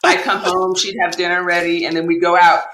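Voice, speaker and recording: A woman telling her personal story as a podcast guest, animated and acting out the dialogue she recalls. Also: lowish voice, brisk, roomy sound, background noise. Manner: animated retelling, acts out quoted dialogue.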